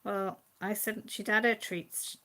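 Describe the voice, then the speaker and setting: A woman's voice: mid-range voice, little pitch movement, slow, fairly bright tone. A woman hosting a casual live-stream chat from home, reading out and answering viewer comments. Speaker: channel host. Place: at home with her pets.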